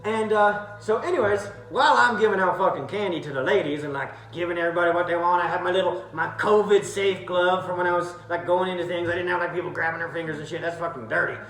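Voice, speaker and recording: A man's voice: high voice, fast talker, vocal fry, few pauses, fairly bright tone, roomy sound, rough recording. A young man casually recapping a gathering on camera, rambling and cursing freely, sometimes drifting into put-on accents. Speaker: vlogger.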